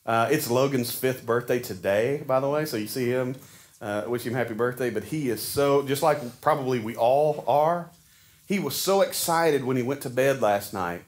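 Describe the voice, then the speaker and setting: A man's voice: medium pitch, moderate pace. A man, preaching a sermon to his church in a folksy, conversational way with frequent restarts. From Arkansas. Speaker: pastor. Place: church sanctuary.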